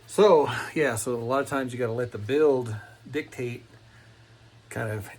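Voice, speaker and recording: Man, folksy workshop demo, middle pitch, rambling and repetitive, faint noise behind. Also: measured pace, darkish tone, poor audio. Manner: folksy, rambling, repeats himself. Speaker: cigar box guitar builder. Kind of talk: casual workshop demonstration.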